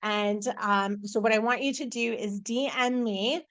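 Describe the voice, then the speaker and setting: A woman with a slightly higher voice chats casually at home, pitching her coaching. She rambles and restarts her sentences often, in an upbeat and encouraging way. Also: measured pace, fairly bright tone, clear, resonant tone. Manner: rambling, with many restarts and fillers. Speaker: intuitive life coach. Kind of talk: casual live video promotion.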